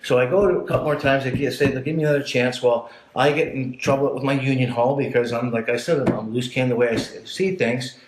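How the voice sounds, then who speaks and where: A man's voice: mid-range voice, steady tone, fast, hardly any pauses, a little hiss or hum. A man from Canada, a podcast guest, telling his life story in blunt, profane, casual talk. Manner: blunt and profane, acts out voices in his stories. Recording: echoey room.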